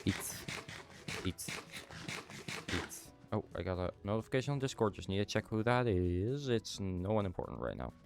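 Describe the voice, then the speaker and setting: A young man from the Netherlands chats loosely with his stream chat while he plays. His voice sits very low, and a cold has left his nose stuffed. Faint music plays underneath. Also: lively intonation, normal speed, vocal fry, darkish tone. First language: Dutch. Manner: chatty, answers chat while playing. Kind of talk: casual chat while gaming.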